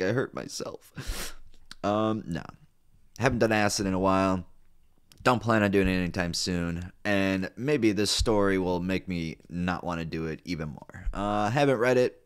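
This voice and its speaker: A man with a deep, low-pitched voice reads an online story aloud as host. He keeps stopping to add playful, sarcastic remarks. His delivery is loose and casual, full of ums and uhs. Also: measured pace, smooth. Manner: playful, sarcastic, many fillers. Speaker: host reading and reacting to online stories. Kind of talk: casual read-aloud with joking asides.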